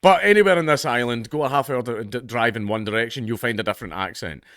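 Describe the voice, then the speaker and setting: A man's voice: medium pitch, fast talker, a bit bright, dry recording, clean studio sound. A man in his thirties with a Scottish accent, ranting sardonically through casual commentary and swearing freely.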